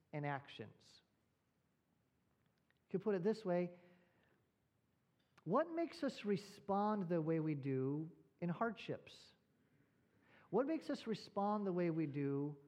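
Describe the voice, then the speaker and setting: A man's voice: high voice, darkish tone. A male pastor preaching a sermon, telling a story and posing rhetorical questions.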